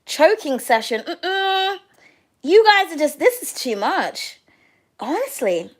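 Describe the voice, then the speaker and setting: Giggly high-voiced young woman. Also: sing-song, slow. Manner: giggly, swears freely, loud outbursts. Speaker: tarot reader hosting a live reading. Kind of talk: casual live chat reading comments.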